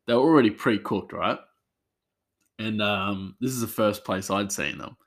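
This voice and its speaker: A man's voice: on the low side, normal speed. A man, a chef, telling work stories in a rambling casual way with many fillers and restarts. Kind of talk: casual storytelling.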